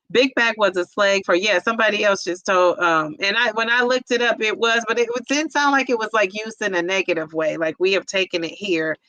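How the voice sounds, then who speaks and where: Female host, bright tone, dry recording, emotional and conversational while reading viewer chat. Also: medium pitch, a little fast, no room sound, poor audio. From United States. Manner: emotional, empathetic, many fillers. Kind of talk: casual livestream chat.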